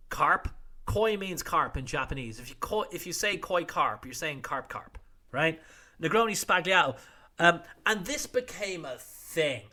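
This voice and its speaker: Wry, lively male podcast host. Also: a little high. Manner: wry, irreverent, swears freely, acts out quotes. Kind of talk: casual news roundup monologue.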